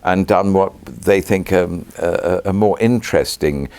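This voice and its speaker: A British actor in his sixties answering interview questions in a measured, reflective way, pausing with ums and restarting phrases. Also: deep voice, darkish tone, dry recording. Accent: British English. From Britain.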